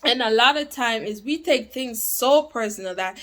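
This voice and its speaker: A woman gives relationship advice straight to her viewers. Her voice sits a little high, and she talks in an animated, preachy way with playful teasing asides. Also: normal speed, few pauses. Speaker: relationship vlogger. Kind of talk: casual advice monologue.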